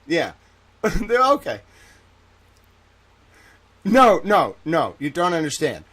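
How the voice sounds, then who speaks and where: Animated, swearing male stream host. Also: a little high, slow. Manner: profane, rambling, jokey. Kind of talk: casual live-stream rant.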